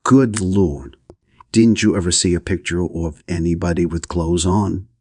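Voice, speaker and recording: A man's voice: deep voice, a little slow, darkish tone, no room sound, studio quality. A man doing a blunt, scornful young woman. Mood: incredulous. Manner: rough, curt, scornful.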